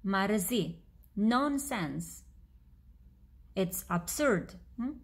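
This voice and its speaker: A woman with an Albanian accent gives a language lesson at a mid pitch. She explains each word slowly and repeats it, with fillers between lines. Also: lively intonation, husky. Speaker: language teacher. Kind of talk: language lesson reading a story aloud.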